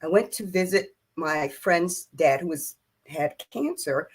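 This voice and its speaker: An older woman, a guest on an interview show, telling a personal story in an animated way, acting out the quoted lines of other people with laughs and emphasis. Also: lowish voice, measured pace, slight background noise.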